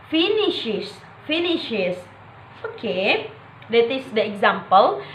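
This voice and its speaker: A woman, a non-native English speaker whose first language is Malay, gives a classroom presentation on word stress, filling pauses with "okay" and "uh" and repeating each example word. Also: sits high, fairly bright tone, slight background noise. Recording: echoey room.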